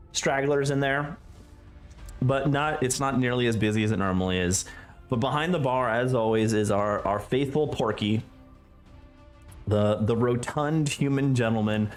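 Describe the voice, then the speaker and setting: A man runs a tabletop game as game master, narrating the scene in a loose, rambling way full of fillers and restarts. Faint music plays under his voice. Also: medium pitch.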